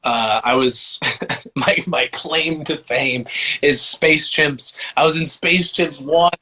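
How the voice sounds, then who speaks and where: A man's voice: fairly high pitch, slow, pushed and bright. Easygoing young man, rambling chat. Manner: laid-back, rambling, many "like" fillers. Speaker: voice actor and musician guest. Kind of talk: casual interview chat.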